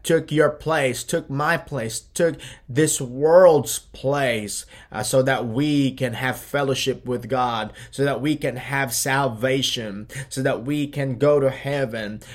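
A man preaching a short devotional sermon, earnest, addressing the listener as "my friend" and pausing on fillers. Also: medium pitch.

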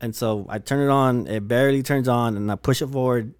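A man's voice: medium pitch, brisk, clean tone, no room sound, clean studio sound. A young man telling a wild story in casual podcast chat, swearing constantly and acting out what people said. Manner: animated storyteller, heavy swearing, slangy.

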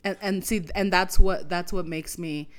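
A woman's voice: on the low side, steady tone, moderate pace, smooth. Candid, laughing woman podcast host. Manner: candid, swears freely, laughs often. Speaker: podcast host and business owner. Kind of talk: casual chat.

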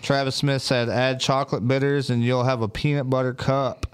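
A man's voice: medium pitch, flat delivery, normal speed, smooth. Laid-back swearing man chatting. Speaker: podcast co-host. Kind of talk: casual live-stream chat.

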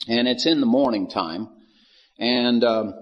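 A man's voice: medium pitch, a little slow, in a large hall, dull audio. A man giving folksy Bible teaching and acting out the lines of the people in the story.

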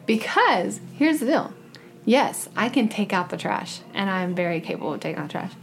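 Teasing, animated woman podcast host. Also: mid-range voice, normal speed, vocal fry, slight background noise. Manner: animated, teasing, laughs often. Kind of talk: casual chat.

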